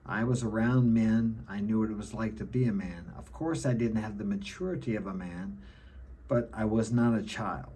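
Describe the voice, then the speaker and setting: A man's voice: on the low side, normal speed, dark tone, a little hiss or hum. A middle-aged man giving an opinionated monologue to camera, lecturing and often ending his points with a checking "okay?". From United States. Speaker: self-help vlogger.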